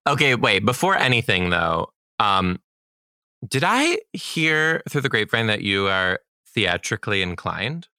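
A young man with a bright, forceful voice tells comic classroom stories in an animated, joking way. The recording is dry and close, with no room sound around him. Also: measured pace, dry recording. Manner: animated, jokey, laughs often, squeals into high voices for quotes. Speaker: podcast host and kindergarten teacher. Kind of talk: comedic storytelling.

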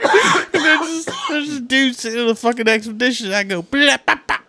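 A man's voice: extremely high pitch, expressive, moderate pace, sharp tone, dry recording. A man co-hosting a casual podcast, telling a story with lots of swearing and laughter, tired after a night shift. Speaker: podcast co-host. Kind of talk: casual crude chat.

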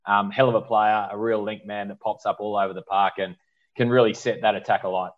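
A man's voice: on the low side, little pitch movement, a little fast, dull audio. A man hosting a sports talk show, putting conversational questions to his panelists by name. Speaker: host.

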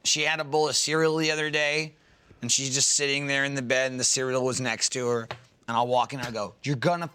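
A man in his thirties co-hosting a casual chat, telling stories with lively energy and shrieking mock voices. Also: mid-range voice, brisk, clear, resonant tone. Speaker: podcast co-host.

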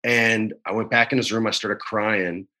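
Bright-voiced man telling a story. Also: on the low side, steady tone, moderate pace. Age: 40s. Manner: emotional, choked up while storytelling; laid-back, says man and dude a lot. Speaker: actor guest. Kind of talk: casual interview chat. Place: his home.

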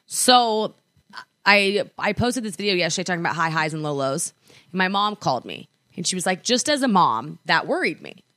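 A young woman co-hosting a podcast, chatting casually, full of likes and quick restarts. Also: lowish voice, big pitch swings, sharp tone, dry recording, clean studio sound. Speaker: podcast co-host. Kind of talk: casual chat. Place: apartment.

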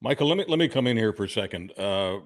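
A man's voice: fairly low pitch, expressive, fast talker, dry recording, studio quality. A man co-hosting a podcast, brash and punchy in delivery. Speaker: co-host. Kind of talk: podcast talk.

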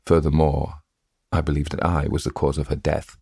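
A man voicing a cold, calm young officer. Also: extremely low pitch, normal speed, creaky, breathy edge, no room sound, clean studio sound, heavily acted. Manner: calm, flat.

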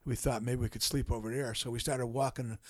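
An older man, a guest on a podcast, telling a long story in an unhurried way with many pauses and some dry humor. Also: mid-range voice, little pitch movement, no echo. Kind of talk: casual storytelling in a podcast conversation.

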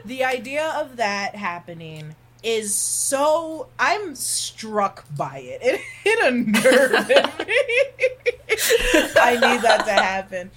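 A woman hosting a casual podcast chat, excitable and laughing often as she talks. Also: a little high, slow. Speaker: podcast host.

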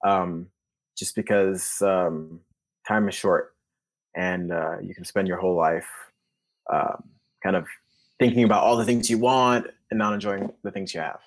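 Laid-back tennis coach, low voice. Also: male voice, a little slow, long pauses. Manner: relaxed, rambling, acts out inner voices. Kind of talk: casual podcast interview.

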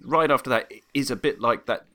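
A man co-hosting a podcast reviews a film in casual chat, rambling with frequent laughs and restarts. His mid-range voice is a little fast, bright, and forceful.

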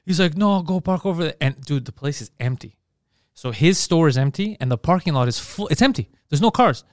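A man's voice: fairly high pitch, lively intonation, a little fast, no room sound, clean studio sound. A man hosting a podcast, telling profane anecdotes in casual chat and acting out the dialogue. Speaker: podcast host.

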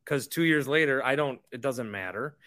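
With lively intonation and a fairly bright tone, the young man's mid-range voice runs at normal speed. He hosts a sports podcast and rants casually and heatedly, repeating himself along the way.

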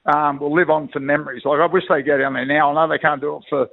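A man's voice: fairly high pitch, flat delivery, fast, vocal fry, no echo. A middle-aged Australian man, a former rugby league player, telling slangy, rambling stories as a guest on a radio call. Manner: blokey storyteller, slangy, rambling with restarts. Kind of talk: casual radio interview by phone. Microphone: telephone. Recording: tinny dry phone line.

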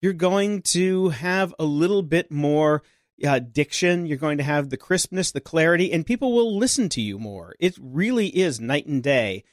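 A man's voice: on the high side, lively intonation, normal speed, no echo, studio quality. A male podcast producer and co-host chatting casually in an upbeat, joking, emphatic way.

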